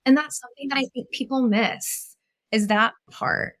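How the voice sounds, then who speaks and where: A woman therapist talking as a podcast guest. Her voice sits a little high, and she affirms the other speaker with lively, encouraging energy. She is warm and engaged in the conversation. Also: normal speed. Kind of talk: casual conversation.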